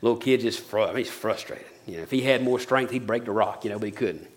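Emphatic preacher. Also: male voice, fairly low pitch, quick pace. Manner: emphatic, repetitive preaching that drops to soft intimate tones. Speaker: pastor. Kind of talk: sermon.

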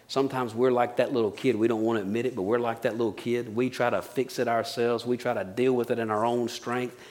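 A middle-aged man preaching a sermon, with emphatic, repetitive phrasing that drops to soft, intimate tones. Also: lowish voice. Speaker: pastor.

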